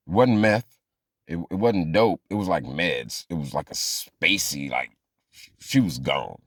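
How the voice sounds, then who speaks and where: A man's voice: low-pitched, a little slow, dry recording, clean studio sound. A man telling a funny true story as a monologue, acting out the people in it. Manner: animated, acts out quoted voices.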